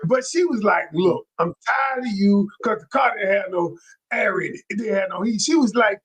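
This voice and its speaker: A man talking as a relationship coach in an interview, animated and excitable, with a casual way of speaking and frequent restarts. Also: high voice, fairly quick, slightly rough. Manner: colloquial, with many restarts. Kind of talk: interview guest.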